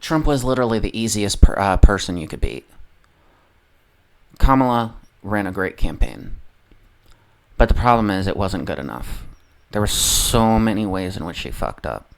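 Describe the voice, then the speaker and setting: A man's voice: on the low side, expressive, moderate pace, vocal fry, clean tone. A man ranting about politics on a livestream, swearing constantly, rambling and often losing his train of thought. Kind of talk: profane political rant on a livestream.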